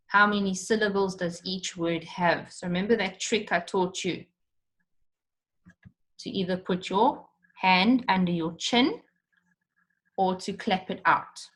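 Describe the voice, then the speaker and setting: Woman teacher, lower voice, slow and patient, step-by-step lesson for kids. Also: fairly bright tone. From South Africa. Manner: patient, explains step by step, repeats questions. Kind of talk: recorded online lesson for children.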